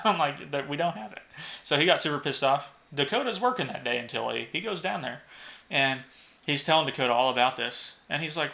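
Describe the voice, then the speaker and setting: A man's voice: mid-range voice, lively intonation, normal speed, creaky, sharp tone. A young man co-hosting a podcast, telling a work story casually, swearing and laughing as he acts out what people said. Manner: swears freely, laughs at own stories, acts out quoted lines. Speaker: podcast co-host.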